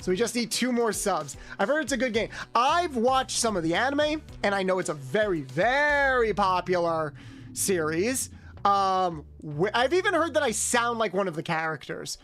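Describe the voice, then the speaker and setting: A woman's voice: medium pitch, very animated, moderate pace, a bit bright, soft background music. A young adult woman streaming a video game as a VTuber, chatting casually and rambling with her viewers, swearing freely. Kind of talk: casual gaming stream chat.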